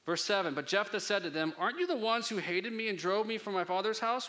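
Casting: young adult male pastor, bright, forceful voice, slightly high, casual conversational preaching with jokes. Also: animated, fast talker. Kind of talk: sermon.

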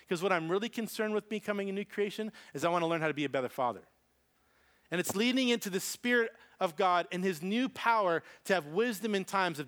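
A man preaching a sermon, telling a personal story with animated delivery and acting out the voices in it. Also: high-pitched. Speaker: pastor.

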